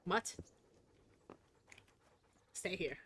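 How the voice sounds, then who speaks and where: Bright-voiced chatty woman with a Russian accent. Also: drawn-out words. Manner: rambling, chatty, swears freely. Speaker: streamer. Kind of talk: casual chat while gaming.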